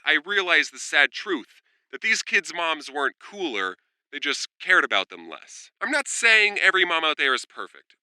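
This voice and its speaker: A sarcastic young man hosting a comedic storytime vlog. His voice is high, bright and sharp, with pitch that swings all over, and it sits in a dry, close-miked room. He drops into deadpan asides between stories. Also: clean tone, no room sound, poor audio. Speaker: storytime vlogger.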